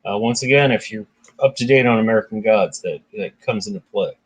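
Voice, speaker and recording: Over a low-quality recording, a man with a lowish voice talks briskly while hosting a casual book discussion. He reads passages aloud and comments conversationally, dropping in chatty asides.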